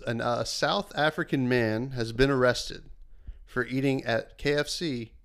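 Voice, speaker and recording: Guy cohosting a podcast, gravelly voice, rambly, lots of ums. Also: mid-range voice, a little slow. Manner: rambling, hesitant, lots of fillers. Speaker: podcast co-host. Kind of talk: casual chat.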